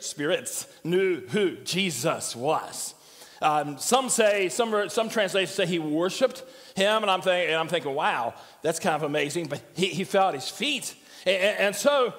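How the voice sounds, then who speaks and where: A man's voice: high voice, fairly bright tone. An older man preaching a sermon as pastor, conversational and joking as he tells stories. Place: church sanctuary. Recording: church hall reverb.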